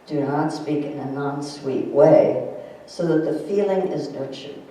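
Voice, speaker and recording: A woman gives an informal spiritual talk to a small gathering. Her manner is gentle and chatty, and she laughs easily at her own anecdotes. The recording sounds strongly echoey, with the mic picking her up from well across the room. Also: deep voice, a little slow, far from the mic. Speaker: speaker giving a spiritual thought. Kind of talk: informal talk to a group, reading a quote aloud. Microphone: distant room mic.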